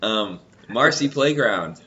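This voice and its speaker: Congested man with a deep, bright voice. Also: animated, slow pace, dull audio. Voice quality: normally nasal voice. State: congested from a cold, deeper than usual. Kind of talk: casual chat about 90s music.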